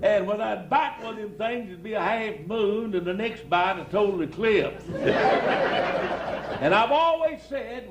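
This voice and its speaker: High-voiced preacher spinning yarns. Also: male voice. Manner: chuckling, drawling, punchline-driven. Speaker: evangelist storyteller. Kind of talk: folksy comic storytelling to a live audience. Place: outdoor church campground stage. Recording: roomy live recording, faint noise.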